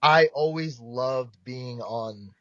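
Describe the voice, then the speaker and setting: A young man from South Jersey, a baseball pitcher guest, telling stories in a lively, profane way and acting out quoted voices. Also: slow pace, dry recording. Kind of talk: casual storytelling. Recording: dull dry podcast mic.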